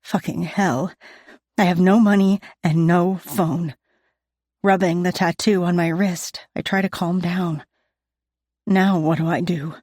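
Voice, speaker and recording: A woman's voice: fairly low pitch, steady tone, a little slow, darkish tone, dry recording, clean studio sound. A woman reading a romance audiobook in the first person, with intimate storytelling. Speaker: audiobook narrator.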